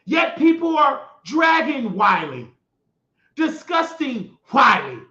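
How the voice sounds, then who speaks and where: A man's voice: very high-pitched, huge pitch swings, takes it slowly. Guy hosting his show, fired-up rambling monologue, echoey and kinda muffled. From United States. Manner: heated, shouting at times, rambling with restarts. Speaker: show host. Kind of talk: impassioned political monologue. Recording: echoey room, dull lo-fi sound.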